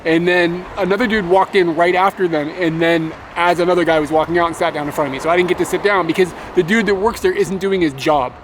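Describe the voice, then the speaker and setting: High-voiced man ranting outdoors. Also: fast talker, hardly any pauses, slight background noise. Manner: animated, swearing, laughs while ranting. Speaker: motovlogger. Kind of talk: casual storytelling vlog.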